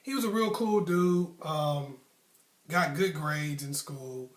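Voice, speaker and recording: A man's voice: a little high, slow pace, far from the mic. A man casually telling a personal story as a channel host, conversational, with frequent ums and likes. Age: adult, past his youth. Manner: conversational, many ums and likes, acts out friends' tough talk. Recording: echoey room.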